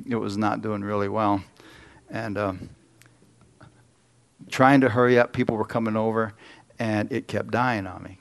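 A man's voice: lowish voice, vocal fry. A middle-aged man preaching a sermon, telling folksy personal stories and putting questions to the congregation.

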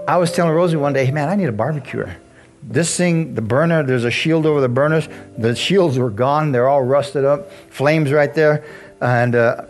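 Chatty storytelling preacher man. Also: fairly high pitch. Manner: chatty storytelling preacher, laughs often, animated asides. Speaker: pastor. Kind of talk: sermon.

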